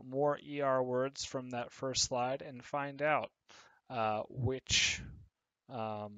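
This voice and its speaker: A man teaching an English lesson to children, explaining patiently step by step with pauses and fillers. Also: medium pitch, fairly bright tone, no room sound. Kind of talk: recorded online English lesson.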